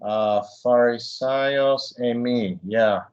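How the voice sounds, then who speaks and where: A man's voice: mid-range voice, extremely slow, a little mellow, highs cut off. A man in a Greek class, answering in short replies and reading out words. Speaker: student. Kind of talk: class discussion.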